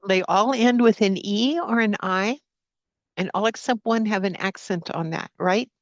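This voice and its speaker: A woman's voice: medium pitch, moderate pace, no echo, lo-fi sound. A woman teaching a live online Spanish class, opening with a spoken prayer and then leading students through repeat-after-me drills. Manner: prays aloud, then drills vocabulary with repetition. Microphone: computer mic on a video call.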